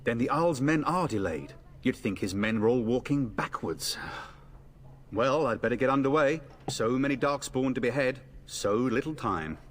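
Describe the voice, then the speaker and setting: A man's voice: medium pitch, lively intonation, moderate pace, slight background noise, lightly acted. A man voicing a confident, jovial warrior in a fantasy game. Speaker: game character. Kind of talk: game voice acting.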